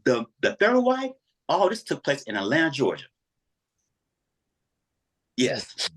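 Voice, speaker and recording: Male interview guest, husky, animated storyteller with a lively pitch. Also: takes it slowly. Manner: animated, acts out every voice in his story.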